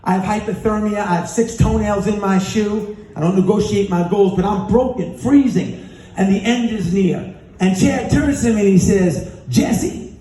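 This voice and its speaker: On a large conference-hall stage, a keynote speaker gives a motivational talk in a high, mellow voice at normal speed. He tells a story with acted-out dialogue and leads call-and-response chants, and the recording is echoey with music in the background.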